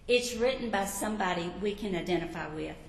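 A woman's voice: medium pitch, fairly quick, gravelly. A woman teaching a sermon, telling Bible stories and asking the listeners questions. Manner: warm storytelling, asks the listeners questions. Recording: echoey hall with long reverb.

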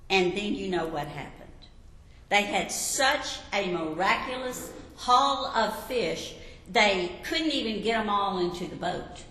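A woman's voice: mid-range voice, a little hiss or hum. A woman teaching a sermon, telling Bible stories and asking the listeners questions. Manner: warm storytelling, asks the listeners questions. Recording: echoey hall with long reverb.

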